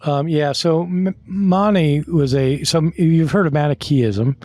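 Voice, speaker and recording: A man's voice: a little high, unhurried, a little mellow, dry recording. A man explaining as a guest scholar in an interview, conversational, with many fillers and restarts.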